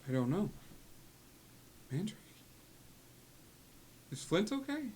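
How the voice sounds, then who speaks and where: A man voicing a dazed, frightened young man, calling out lost and pleading. His voice lifts a touch higher than usual and stays quiet. It is a tabletop game figure. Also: sing-song, slow pace, slight background noise, heavily acted.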